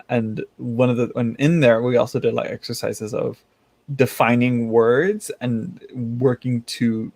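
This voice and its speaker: A man chats casually on a livestream, rambling between thoughts and laughing often. His voice is mid-pitched with a gravelly, fry-laden edge. The sound is dry and close to the mic. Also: darkish tone, no echo. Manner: rambling, laughs often, many restarts and fillers. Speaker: tarot channel host reading live chat.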